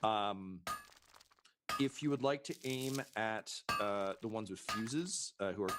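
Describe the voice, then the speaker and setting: A man's voice: on the low side, takes it slowly. A man running a tabletop role-playing game as game master, casual and profane, with many fillers. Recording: noisy stream mix.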